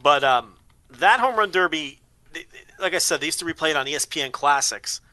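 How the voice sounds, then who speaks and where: A man's voice: a little high, expressive, fairly quick, bright, forceful tone, no room sound. A man on a podcast, chatting casually and rambling, repeating words as he thinks. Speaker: podcast co-host. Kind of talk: casual chat.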